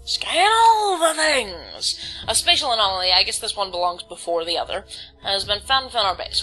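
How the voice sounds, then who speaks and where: A woman's voice: medium pitch, pushed and bright, poor audio. A woman casually commenting on her gameplay, reading on-screen text aloud and stumbling over words now and then. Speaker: let's play host.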